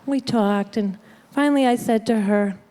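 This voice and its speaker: A woman's voice: a little high, moderate pace, mellow. A woman speaking to a live audience in a hotel conference room, telling a humorous personal recovery story with a wry manner and frequent laughter. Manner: wry, laughs often, acts out quoted people.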